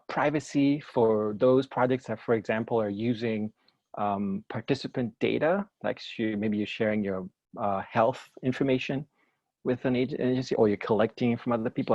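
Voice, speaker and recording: A man's voice: on the low side, vocal fry, a little mellow, no room sound, muffled recording. A man presenting at a journal club in a casual academic discussion, thinking aloud with many fillers and restarts. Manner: thoughtful, many fillers and restarts, light laughs.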